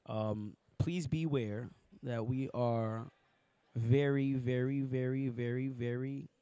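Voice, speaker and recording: A man's voice: mid-range voice, steady tone, takes it slowly, dark tone, smooth, no room sound. A young man hosting a casual podcast outdoors on a college campus, chatty and hesitant, repeating his words. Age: young adult. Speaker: podcast host.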